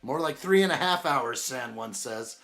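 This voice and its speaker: A man's voice: mid-range voice, animated, normal speed, vocal fry, fairly bright tone. A man hosting a building live stream, chatting in an upbeat way and greeting viewers by name. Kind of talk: casual live-stream chat while building.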